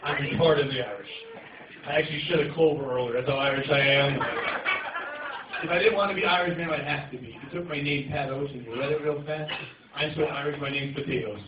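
A man works the crowd at a comedy club, brash and teasing, swearing freely and leaping into loud punchlines, his voice set a little high. The clip was shot on a phone from out in the audience, so he sounds distant, dull and echoey. A loud crowd laughs and shouts around him. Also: fast talker. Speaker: stand-up comedian. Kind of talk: stand-up crowd work. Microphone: phone camera in the audience, far from the stage.

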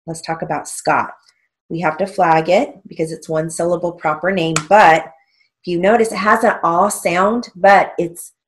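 A woman teaching a steno theory lesson, patiently spelling out strokes letter by letter. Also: fairly low pitch. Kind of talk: recorded lesson.

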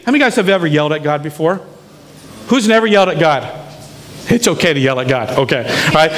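A man's voice: high-pitched, animated, moderate pace, a bit bright. A man preaching a sermon as pastor, emphatic and often checking in with the congregation. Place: church sanctuary. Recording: long hall reverb in a church.

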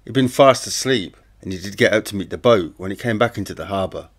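A man's voice: on the low side, quick pace. A man reads a first-person true-crime audiobook in a plain, conversational storytelling way. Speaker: audiobook narrator.

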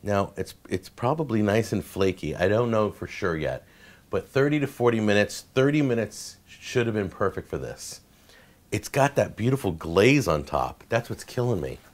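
Male home-cooking host with a low voice, chatty and excitable, prone to stammering. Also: moderate pace. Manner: enthusiastic, gushing over food; stammers and repeats words when excited. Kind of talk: casual cooking demonstration talk.

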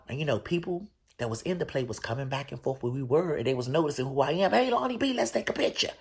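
Animated, gravelly-voiced man telling a story. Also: fast. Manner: animated, profane storytelling with loud, high bursts. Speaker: show host. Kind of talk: casual storytelling.

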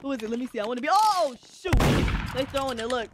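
Shrieking excitable woman streamer. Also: high-pitched, fast talker, heavy background noise. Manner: excitable, shrieks and yells when scared; chatty with chat, many fillers. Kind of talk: live-streamed gameplay chat. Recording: game music behind voice.

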